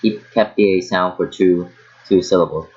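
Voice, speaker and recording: In a relaxed online class, a man with a deep, steady, slightly mellow voice teaches a language at an ordinary pace, often halting to repeat words as he models how to pronounce them. The audio is dull and lo-fi, with a hair dryer droning in the background.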